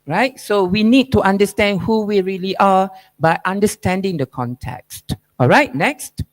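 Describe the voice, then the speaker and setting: This keynote speaker is a man with a high voice who takes his time. Probing and emphatic, he drives his academic lecture forward through rhetorical questions and frequent "right?" tags.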